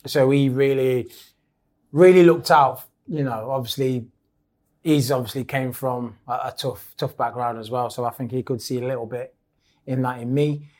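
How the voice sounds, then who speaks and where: A man's voice: mid-range voice, steady tone, normal speed, a little mellow. A man, chatting as a podcast guest and telling long stories with lots of restarts. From England. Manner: rambling storyteller, many restarts. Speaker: guest, former footballer. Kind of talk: casual chat.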